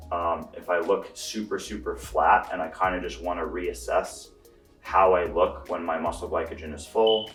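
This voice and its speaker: Faint music plays in an echoey space as a young bodybuilder, off-mic and far away, talks through viewer questions. His voice is deep, and his easygoing explanations are packed with fillers in this casual vlog update.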